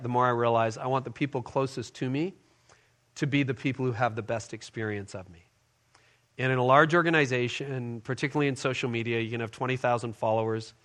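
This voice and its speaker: A man's voice: medium pitch, fairly bright tone. Man preaching, telling a personal story. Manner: storytelling, acts out quoted dialogue. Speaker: pastor. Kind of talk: sermon-style leadership talk.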